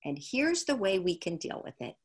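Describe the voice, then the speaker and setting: A woman teaching on a video call, explaining calmly and repeating key phrases for emphasis. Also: mid-range voice, normal speed, husky.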